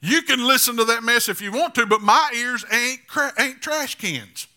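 A man's voice: very high-pitched, normal speed, bright, forceful tone. A man preaching a sermon as pastor, building to emphatic, repetitive declarations. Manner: repetitive rhetorical phrasing.

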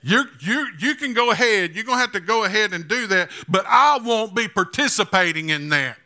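A pastor preaches a sermon, building up to emphatic declarations with repetitive rhetorical phrasing. His high voice is animated, brisk, pushed and bright.

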